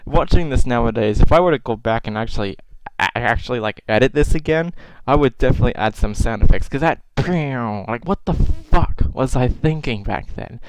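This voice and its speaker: Self-mocking young man with a smooth voice. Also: mid-range voice, lively intonation, moderate pace, few pauses, no echo, low-quality recording. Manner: self-mocking, swears freely, exasperated outbursts. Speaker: YouTuber reacting to his old videos. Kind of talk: casual reaction commentary.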